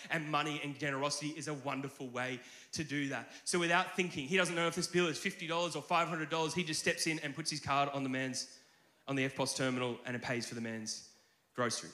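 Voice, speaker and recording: A man delivering a sermon in a bright, forward voice, fairly high for a man. He tells stories conversationally with lively restarts, and his voice rings through a roomy church hall. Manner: conversational, animated storytelling with filler restarts. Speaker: pastor.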